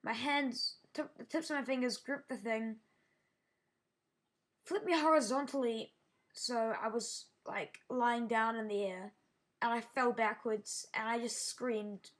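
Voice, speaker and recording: A woman vlogging a personal story in a halting way, often restarting her sentences and sounding shaken. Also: fairly high pitch, fairly even intonation. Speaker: YouTuber. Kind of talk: casual storytelling vlog.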